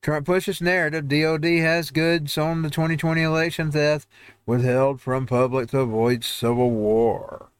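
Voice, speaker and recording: A man's voice: fairly high pitch, steady tone, moderate pace, clear, resonant tone, no room sound. A man hosting a home-made show, ranting over news headlines in a heated, rambling way with frequent restarts. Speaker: host. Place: home newsroom studio.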